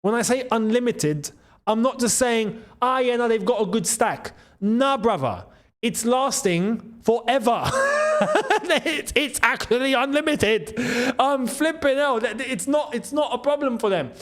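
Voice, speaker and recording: Hosting a football channel in the Gulf region, a man talks straight to camera in loose, excitable commentary, laughing often and repeating phrases. His high voice swings widely, jumping sharply whenever something amazes him, though his pace stays measured.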